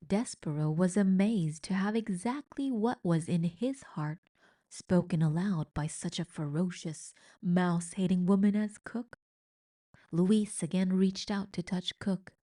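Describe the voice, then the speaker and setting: Narrator: woman, slow and expressive, children's book read-aloud. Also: lowish voice.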